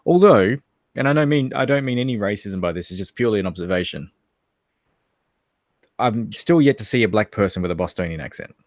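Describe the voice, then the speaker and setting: A man's voice: fairly low pitch, lively intonation, a little fast, no echo, clean studio sound. A man with an Australian accent co-hosting a casual livestream chat, joking, laughing and crude. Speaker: livestream co-host.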